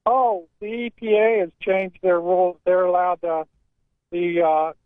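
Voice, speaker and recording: A man's voice: high voice, steady tone, unhurried, no room sound. A man calling in to a talk radio show, grumbling about politics in plain-spoken talk. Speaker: radio caller. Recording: tinny phone line.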